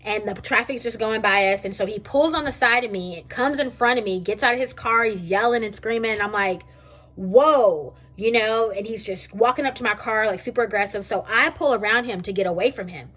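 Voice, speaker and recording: A young woman, casually vlogging and telling a story in a chatty, animated way from her kitchen. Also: on the high side, fairly quick, hardly any pauses. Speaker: beauty vlogger. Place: home kitchen.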